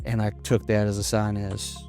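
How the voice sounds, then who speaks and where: A young man from Florida, a comedian guest in a casual interview, talking in a hesitant, halting way with many restarts. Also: on the low side, completely flat delivery, a little mellow, faint music behind. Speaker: podcast guest, stand-up comedian.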